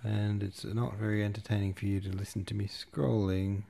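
A man reading a novel aloud as podcast host, with relaxed, casual asides. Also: lowish voice, normal speed, gravelly.

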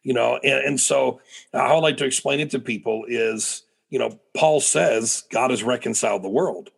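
A man's voice: medium pitch, moderate pace, vocal fry, breathy edge. A middle-aged American man, a preacher and guest, telling stories animatedly in a podcast interview with frequent restarts. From United States.

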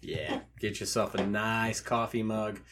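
A man's voice: on the low side, unhurried, fairly bright tone. A man co-hosting a casual podcast, teasing his friends with crude, profane jokes.

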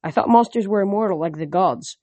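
A man's voice: high-pitched, brisk, warm tone, dry recording. A man reading a storybook aloud and voicing an earnest teenage boy hero who speaks urgently.

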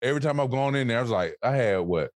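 A man's voice: mid-range voice, lively intonation, fast talker, no echo, studio quality. A man, an author guest on a podcast, talking bluntly and profanely in a motivational casual chat. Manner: blunt, profane, preachy emphasis.

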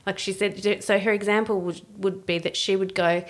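A woman's voice: medium pitch, fairly even intonation, moderate pace. A woman, chatting casually, laughing often and acting out quoted voices. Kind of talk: casual chat.

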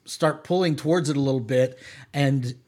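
A man running a tabletop game as game master, narrating in a casual, halting way with many restarts. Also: mid-range voice, dark tone.

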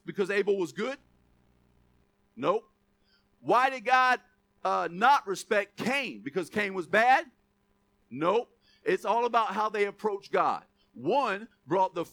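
A man's voice: sits high, bright, forceful tone. A male pastor preaching a sermon in a conversational, punchy style, joking and checking in with the congregation. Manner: conversational, punchy, asks the congregation "Amen?" and "right?"; joking, chuckles often.

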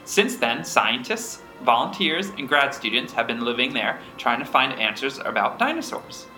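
A man co-hosting a podcast, trading crude deadpan jokes and reading a backstory aloud in casual chat. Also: mid-range voice, normal speed, echoey room, faint music behind, low-quality recording. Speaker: podcast co-host.

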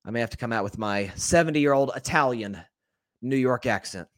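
A man's voice: mid-range voice, no echo, studio quality. Opinionated male sports podcast host. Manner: opinionated and candid, talks straight to listeners as folks; conversational with quick self-corrections. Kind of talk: solo sports talk monologue.

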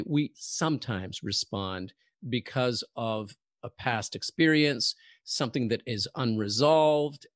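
A man hosts an interview in a calm, reflective way at a middle pitch. He stops now and then to rephrase what he is saying. The recording is close and dry, with no room sound. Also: dry recording. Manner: reflective, rephrases himself mid-sentence. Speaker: interview host. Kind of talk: casual interview chat.

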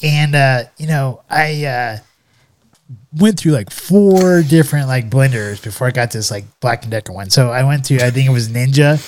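A man co-hosting a casual podcast, telling a story in a loose, rambling way packed with fillers. His voice sits at an ordinary middle pitch. He keeps circling back as he talks. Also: moderate pace, darkish tone. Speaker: podcast co-host. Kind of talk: casual chat.

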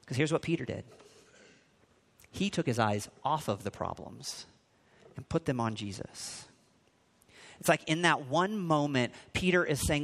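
A man preaching a sermon, moving between quiet reflection and loud, acted-out quotes. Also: moderate pace. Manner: dramatic swings in pitch and volume, acting out quotes. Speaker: pastor.

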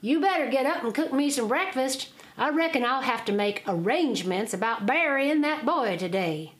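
An anxious, shrewd older mill owner hollers in an urgent drawl, as a woman storyteller takes him on. His voice sits noticeably higher and louder than the telling around it. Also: expressive, normal speed.

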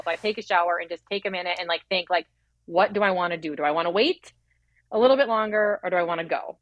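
A woman's voice: lowish voice, no echo. Woman telling a raw birth story. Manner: quick, rambling, many fillers and acted-out inner quotes. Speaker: guest sharing her birth story. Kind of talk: emotional personal storytelling.

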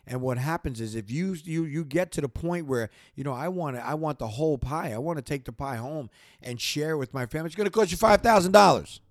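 A podcast host with a mid-range, darkish voice talks fairly quickly with few pauses, speaking straight to listeners in a fired-up monologue. He repeats himself, stumbles over words and pushes the same point with rising energy, getting worked up and then apologizing. The sound is close and dry, with no room around it.

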